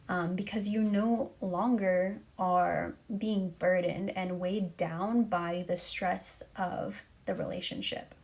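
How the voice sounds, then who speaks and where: An earnest woman coach speaks straight to her listener, steady and encouraging, at a middling pitch. She sounds slightly out of breath as she talks on her live stream. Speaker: relationship coach. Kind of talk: live-stream advice talk.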